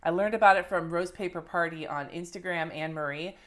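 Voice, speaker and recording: A woman's voice: fairly low pitch, brisk, a bit bright. A woman in her thirties chatting casually and swearing freely as she shows her favorite planner supplies to the camera. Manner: chatty and profane, showing items to the camera. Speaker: planner and lettering vlogger. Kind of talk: casual monthly favorites vlog.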